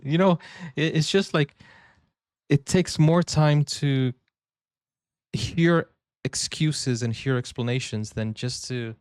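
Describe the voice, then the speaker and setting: A man's voice: a little high, takes it slowly, a little mellow, no echo, clean studio sound. A man hosting a reaction video, talking casually and acting out little back-and-forth dialogues as he makes his point. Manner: chatty, acts out little dialogues, frequent "like" and "you know".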